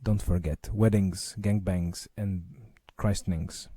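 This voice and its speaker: A man voicing a self-promoting romantic singer who announces himself in a slow, smarmy promo voice. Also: deep voice, steady tone, dark tone, slightly rough, dry recording, exaggerated voice.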